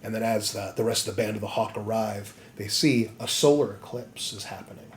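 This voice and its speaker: A man hosting a podcast, recapping a story in an animated, rambling comedic way. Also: fairly low pitch, brisk, a little hiss or hum. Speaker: podcast host.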